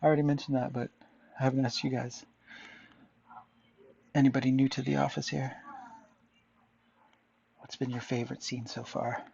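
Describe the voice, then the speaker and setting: A man's voice: mid-range voice, flat delivery, normal speed, vocal fry, long pauses, darkish tone, slightly rough, muffled recording. A man chatting casually to viewers while drawing, rambling and musing aloud, often answering himself. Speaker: artist vlogger.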